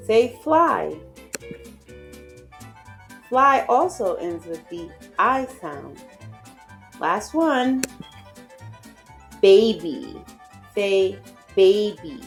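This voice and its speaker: A woman teaching a phonics lesson to children, enunciating slowly and repeating words for them to echo. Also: mid-range voice, a bit bright. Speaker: literacy teacher.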